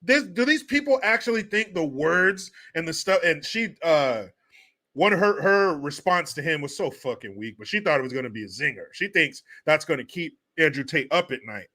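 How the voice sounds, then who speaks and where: Sarcastic guy ranting on his comedy commentary show, high lively voice. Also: normal speed. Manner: crude, sarcastic, laughs often. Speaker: host.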